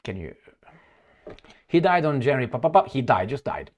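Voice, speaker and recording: A man reacting to news articles on camera, indignant and emphatic, swinging between loud outbursts and low mutters. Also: sing-song, moderate pace. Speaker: political commentator.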